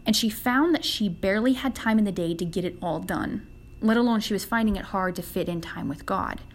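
A woman's voice: medium pitch, a little fast. Earnest young woman giving a devotional. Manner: earnest and conversational, acts out quoted prayers. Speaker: women's devotional podcast host. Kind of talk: casual devotional talk.

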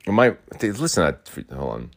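A young man with a low, deep voice talks in a loose, rambling rant. He swears often, circles back to the same complaints and repeats himself, moving in and out of his rural home as he talks. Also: very animated, normal speed. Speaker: podcast host. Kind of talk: rambling casual monologue.

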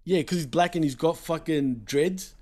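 Laid-back man with a high-ish voice. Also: moderate pace, darkish tone. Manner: laid-back, trails off into low mumbled "man" and "bro" tags. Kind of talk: casual wrestling chat.

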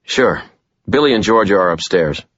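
A man's voice: sits low, expressive, moderate pace, fairly bright tone, dry recording, dull audio, voice pushed up. A man voicing a serious young man who speaks tersely.

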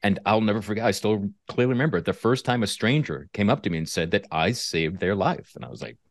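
A man hosts a candid interview, reflective and halting as he restarts his sentences. His voice sits fairly low and moves with lively swings. The recording is dry and close. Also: dry recording. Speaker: host.

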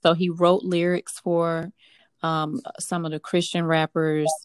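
Low-voiced young woman, hesitant storytelling. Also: little pitch movement, smooth, no echo, clean studio sound. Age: young adult. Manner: hesitant, halting, many fillers and restarts. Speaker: guest. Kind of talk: personal storytelling in a podcast interview.

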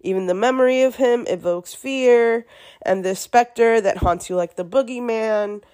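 A woman hosting a podcast alone, chatty with many fillers, her voice gravelly from being sick. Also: fairly high pitch, normal speed, a little mellow. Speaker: podcast host. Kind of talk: podcast monologue.

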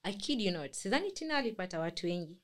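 A young Kenyan woman with a Kenyan accent, co-hosting a casual podcast chat, animated and switching freely between English and Swahili. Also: medium pitch, rapid-fire. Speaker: podcast co-host.

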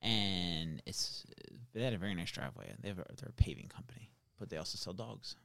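A man telling a long story in casual, animated chat, swearing now and then. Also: low-pitched, a little fast, creaky, no echo, clean studio sound.

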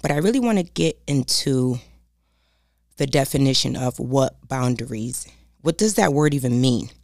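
Her bass voice carries vocal fry and a touch of mellowness as she talks animatedly at an ordinary pace. A self-help speaker, she preaches emphatically about boundaries, keeps restating her points, and calls her audience "y'all," all in studio-quality audio free of room sound.

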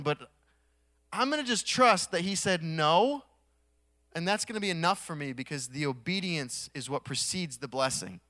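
A man preaching a sermon in a conversational way, swelling to emphatic peaks and dropping to quiet asides, with touches of humor. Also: sits high, no echo, clean studio sound. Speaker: pastor.

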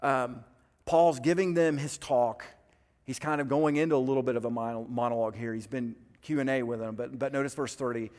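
A pastor preaching a sermon in an earnest, emphatic way, building up with repeated phrases. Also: male voice, medium pitch, fairly even intonation, fairly quick, a little mellow. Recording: long reverb of a large hall.

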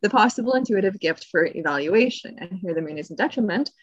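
A woman's voice: mid-range voice, expressive, quick pace, no room sound, lo-fi sound. A woman co-hosting a podcast, explaining things in a casual, chatty way, laughing often and drifting into side tangents. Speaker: podcast co-host.

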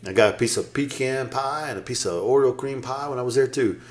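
A man's voice: medium pitch, brisk. A man in his fifties, co-hosting a podcast in casual chat, profane and joking, telling stories and laughing often. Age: 50s. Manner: storytelling, lively delivery. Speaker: podcast co-host.

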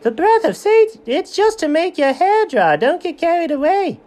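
Performer voicing a cartoon cat, male, high and excitable, incredulous exclamations, leaping pitch. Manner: incredulous, quick to gasp and exclaim. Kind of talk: comedic cartoon voice acting.

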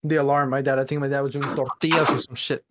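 A man's voice: medium pitch, little pitch movement, fast talker, very noisy. A man hosting a casual podcast with friends from home over a call, laid-back and saying bro a lot. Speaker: podcast host. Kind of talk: casual chat among friends.

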